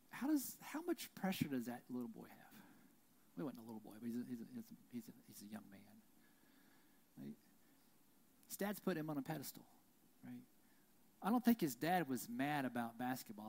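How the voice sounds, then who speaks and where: Male pastor, casual conversational sermon, animated storyteller. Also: mid-range voice. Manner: conversational, frequent "right?" tags, animated storytelling. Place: church.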